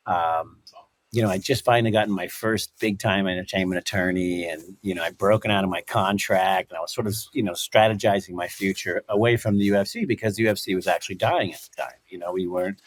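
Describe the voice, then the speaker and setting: A man in his fifties, a guest in a casual interview, telling stories in an animated way, acting out quotes and laughing often. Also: low-pitched, fast talker, dry recording. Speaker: guest, former fighter and commentator.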